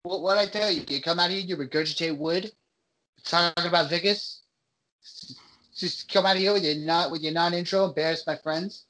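A man's voice: a little high, steady tone, moderate pace, sharp tone, rough recording. A man voicing a tough guy with a Boston accent who picks a fight and wants to take it outside. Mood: taunting. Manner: blustering, challenging.

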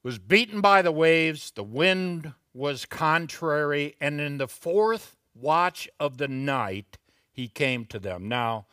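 Middle-aged male preacher, deliberate pace, bright forceful voice, chatty asides with emphatic peaks. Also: lively intonation, no room sound, studio quality. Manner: slow, deliberate delivery with sudden loud, high emphatic bursts; conversational asides and chuckles. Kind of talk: expository sermon.

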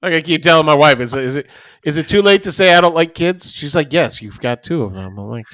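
A man's voice: fairly high pitch, animated, quick pace, fairly bright tone, no room sound, clean studio sound. A man co-hosting a casual podcast, rambling through stories and swearing freely, acting out other people's lines. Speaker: podcast co-host. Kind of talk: casual chat.

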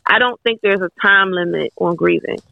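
A woman's voice: lowish voice, moderate pace, gravelly, no room sound. A woman speaking as a guest author in a casual podcast chat, frank and candid, swearing casually as she talks. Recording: tinny phone-like line, dry.

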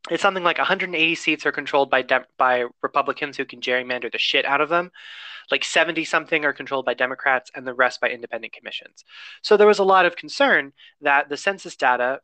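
A man's voice: mid-range voice, sharp tone, dry recording. A man co-hosting a casual chat, explaining the news with fillers and wry asides.

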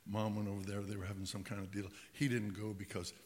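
A man's voice: lowish voice, little pitch movement, fast talker, darkish tone. A man preaching a sermon, telling a story with dramatic repetition, swelling and dropping to whispers. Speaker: bishop preaching. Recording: echoey hall, faint hiss.

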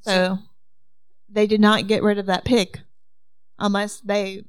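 A woman's voice: mid-range voice, flat delivery, takes it slowly, smooth, dry recording. A woman who teaches, talking through a mystery game with friends, asking questions and thinking aloud. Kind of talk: casual group chat.

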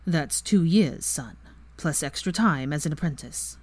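A woman voicing a cold, haughty older wizard father in a fan story reading, with slow, measured lines. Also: low voice, animated, a little mellow, slightly rough, full character voice.

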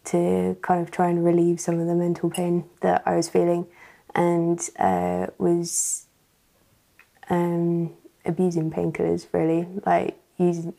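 A woman's voice: lowish voice, a little slow, gravelly, warm tone. A woman sharing her personal testimony as a church guest, talking hesitantly with many fillers.

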